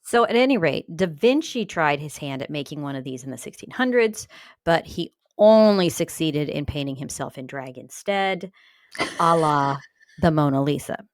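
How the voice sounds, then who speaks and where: A woman's voice: sits low, moderate pace, no echo. Wry woman podcast storyteller, dry sound. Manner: wry, deadpan jokes while telling the story. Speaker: podcast co-host. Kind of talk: casual storytelling chat.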